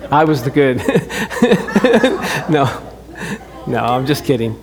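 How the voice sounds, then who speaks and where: A middle-aged man preaching a sermon, telling a married-life story with animated acted-out dialogue and frequent chuckles. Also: medium pitch, extremely slow, noisy background. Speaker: pastor. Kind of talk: sermon with personal stories.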